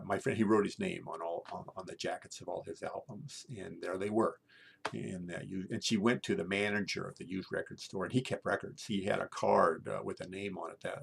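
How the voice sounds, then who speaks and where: A man in his sixties telling a personal story in a halting way, full of fillers and restarts. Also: fairly low pitch, vocal fry, slight background noise. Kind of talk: personal story told aloud.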